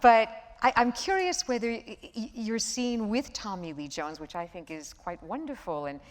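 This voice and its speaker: A woman hosting an onstage film interview, asking measured questions with some hesitation. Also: a little high, animated, a little hiss or hum. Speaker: interview host. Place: large auditorium. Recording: long hall reverb.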